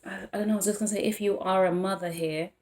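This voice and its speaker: This tarot reader talks very fast in a medium-pitched, slightly mellow voice with fairly even intonation. Her casual reading wanders, she keeps interrupting herself mid-thought, and small laughs come often. The recording has a roomy echo.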